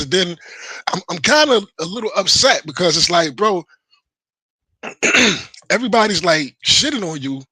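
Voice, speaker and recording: A man's voice: high-pitched, animated, normal speed, long pauses, pushed and bright, husky, dry recording, poor audio. Heated man ranting on a livestream. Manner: heated, defensive, profane, repeats himself. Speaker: livestream host. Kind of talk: casual livestream rant to chat.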